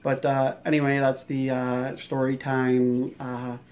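A man's voice: medium pitch, completely flat delivery, slow, muffled recording. A man casually telling a story from his bouncer days, rambling with many fillers and restarts.

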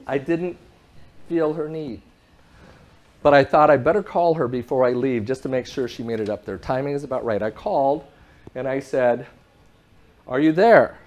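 Animated man telling a story on stage. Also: medium pitch, normal speed. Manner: animated, acts out both sides of a phone call. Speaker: public speaker. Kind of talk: storytelling talk to an audience.

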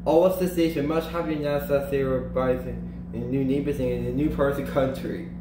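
A man reading a children's storybook aloud in an animated way, slowing down and lifting his voice for emphasis. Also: roomy sound, heavy background noise. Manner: animated, slows and lifts pitch for emphasis and character lines. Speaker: storybook reader.

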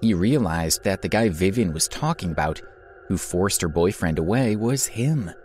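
A man's voice: low voice, lively intonation, moderate pace, darkish tone, slight background noise. A man narrating an audio drama in a dramatic storytelling manner.

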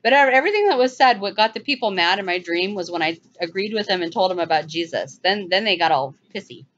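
A woman hosting her own channel, commenting urgently over video clips and mocking with sarcastic high-pitched asides. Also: lively intonation, quick pace, fairly bright tone. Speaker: channel host. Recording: dull lo-fi sound.

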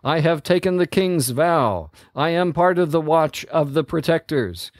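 A man voicing a desperate, defiant male traitor ranger who shouts back at his judges. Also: a little high, unhurried, no room sound, pitched above the performer's own voice, close to an everyday voice.

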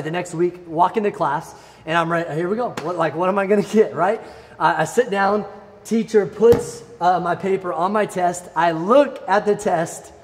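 A young man with a high voice gives an animated youth sermon built around a personal story. He talks like an excited storyteller, jumping up when the story hits. His voice rings with a long, hall-like reverb. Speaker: youth pastor.

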